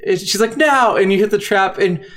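A man in casual chat, excitedly retelling what happened in a game, rambling and laughing as he goes. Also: sits high, moderate pace.

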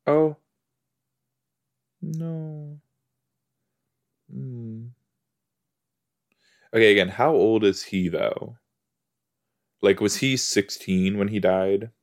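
Man, casual rambling chat, easily sidetracked, lots of exclamations, unhurried pace. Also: fairly low pitch. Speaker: host reacting to a TV episode. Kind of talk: casual watch-along chat. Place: indoors on a couch.

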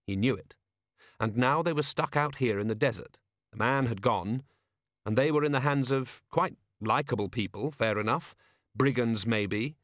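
A man reads a novel aloud in a measured, wry storytelling manner, at a middling pitch. The recording is close and dry, with no room sound. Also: a bit bright, no room sound. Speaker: audiobook reader. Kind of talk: scripted narration.

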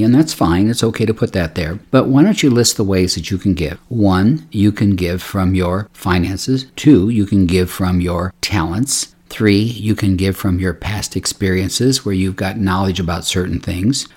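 A man's voice: sits low, darkish tone, breathy edge. An older male pastor preaching a sermon, telling a story and acting out the dialogue in a conversational way.

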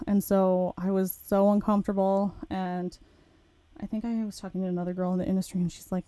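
Frank, mellow-voiced woman podcaster. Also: mid-range voice, little pitch movement, brisk, dry recording. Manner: candid, frank, swears casually. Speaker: podcast host. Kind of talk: candid storytelling.

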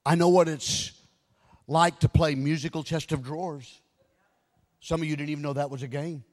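A middle-aged man preaching a sermon as pastor, stammering into repeats and building to near-shouting fervor. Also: on the high side, steady tone, moderate pace, long pauses. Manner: repeats words when wound up, rises to near-shouting fervor. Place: large church. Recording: live sermon in reverberant hall with music.

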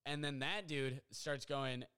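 A young man records a solo podcast at home and talks through a story in a loose, rambling way. His voice sounds smooth and resonant, and his pitch sits in the middle of the male range. He keeps piling on fillers and gets excited as he goes. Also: slow. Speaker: podcast host. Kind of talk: casual storytelling monologue. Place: apartment at home.

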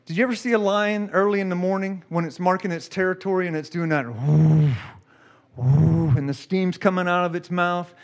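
High-voiced man preaching a sermon. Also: steady tone, quick pace, few pauses. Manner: emotional, storytelling, repeats himself. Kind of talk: sermon testimony.

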